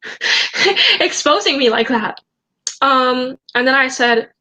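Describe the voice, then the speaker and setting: A young woman vlogger telling a story in a casual way, reading out chat messages and often pausing to hesitate and restart. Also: sits high, lively intonation, sharp tone, rough recording. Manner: hesitant, halting, with many ums and restarts.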